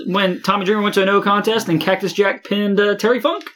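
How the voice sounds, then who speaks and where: A man co-hosting a casual podcast, reading out results haltingly with frequent fillers and swearing. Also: high-pitched, fairly even intonation, fairly bright tone, slight background noise.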